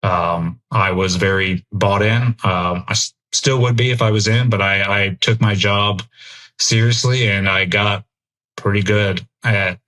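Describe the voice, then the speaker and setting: A man's voice: fairly low pitch, steady tone, a little slow, sharp tone. A middle-aged American man and military veteran, a podcast guest talking candidly and reflectively in an interview. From United States. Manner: earnest, reflective, thinks aloud.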